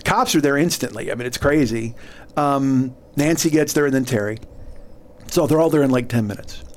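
A middle-aged man, a comedian guest, telling a long story in a casual, animated way, laughing and acting out the other people's lines. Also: medium pitch, normal speed.

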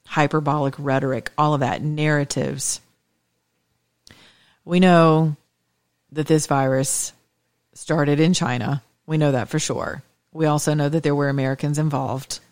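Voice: medium pitch, little pitch movement, a little slow, long pauses, no echo. A talk radio host delivering an emphatic, scornful opinion monologue on a close studio mic. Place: Atlanta area.

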